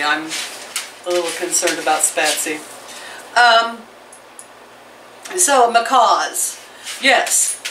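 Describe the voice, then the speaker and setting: A middle-aged woman chatting to viewers and her pets in a rambling home vlog, filmed on a camera mic. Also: mid-range voice. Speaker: vlogger. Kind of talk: casual home vlog chat. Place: home, indoors and out by the chicken pen. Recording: roomy, from a distance, faint background noise.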